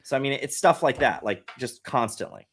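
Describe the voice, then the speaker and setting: A man's voice: mid-range voice, lively intonation, moderate pace, fairly bright tone. A man, a guest on a podcast, talking at length in an earnest, explaining way with frequent restarts. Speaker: podcast guest, satire site head. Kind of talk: casual podcast conversation.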